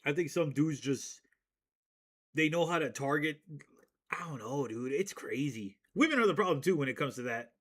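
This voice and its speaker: A man's voice: on the high side, expressive, normal speed. A man streamer ranting casually to his chat, profane and rambling, often laughing at himself.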